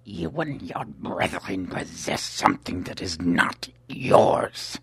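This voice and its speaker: A man voicing a huge, menacing male attacker who speaks slowly and deliberately, sometimes in a low whisper. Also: lively intonation, fairly bright tone, breathy edge, no room sound, exaggerated voice.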